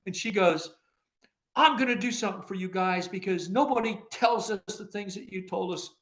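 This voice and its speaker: An older man recounting his career in a relaxed interview, slipping into the voices of the people he quotes and laughing as he goes. His voice sits fairly high for a man and sounds bright and forceful. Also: moderate pace. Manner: animated storyteller who acts out quoted dialogue, laughing often. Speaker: former agency director, podcast guest. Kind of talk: anecdotal interview storytelling.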